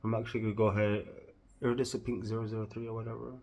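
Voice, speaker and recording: A man with a Southern US accent narrating a makeup tutorial, gushing with drawn-out exclamations. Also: on the low side, level tone, gravelly, darkish tone. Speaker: makeup vlogger.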